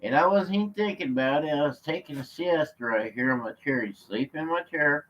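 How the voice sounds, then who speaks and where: A man from California on a live vlog, chatting from his chair at home in a slow, rambling way, full of fillers and restarts. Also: a little high, a bit bright, a little hiss or hum. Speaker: vlogger. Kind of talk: rambling live-stream chat. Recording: slightly muffled lo-fi audio.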